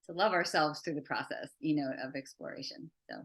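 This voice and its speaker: A woman guest, a psychotherapist and art teacher, speaking in a reflective, soft-spoken way. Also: low-pitched, a little fast. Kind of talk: interview conversation.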